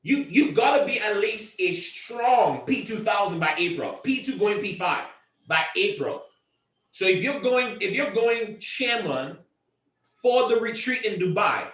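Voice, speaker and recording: A man's voice: high voice, animated, unhurried, fairly bright tone, echoey room, recorded from a distance. A man leading a convention call with a motivational pep talk. He hammers points home by repeating himself and often raises his voice. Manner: emphatic and repetitive, often raising his voice. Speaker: team leader addressing a convention call.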